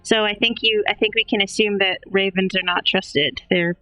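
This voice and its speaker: A woman co-hosting a casual book discussion podcast, blunt and swearing, with filler pauses. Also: medium pitch, fairly even intonation, pushed and bright, no room sound, poor audio. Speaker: podcast co-host.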